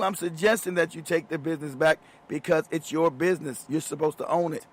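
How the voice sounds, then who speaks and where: A man's voice: fairly high pitch, a little fast. A man hosting a show, talking in a casual, emphatic monologue full of profanity and frequent laughter. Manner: emphatic and profane, laughs often mid-sentence. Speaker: show host.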